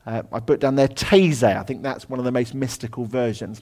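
A man delivering a sermon in an easygoing, conversational way, with fillers and asides. His pitch sits in a middle range, and he often drops his voice to a hush. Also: fairly quick, hardly any pauses. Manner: conversational, with many ums and asides, dropping to a hush at times. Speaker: preacher. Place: lecture room.

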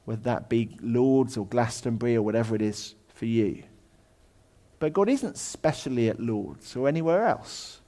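A man preaching a conversational sermon in a lecture room, full of ums and asides, often dropping his voice low. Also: animated, moderate pace, mellow.

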